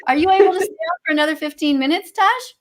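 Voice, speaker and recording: A woman's voice: very high voice, animated, quick pace. A Canadian woman co-hosting a livestream over a video call, reading out chat comments and answering them sarcastically, with some swearing. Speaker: livestream co-host.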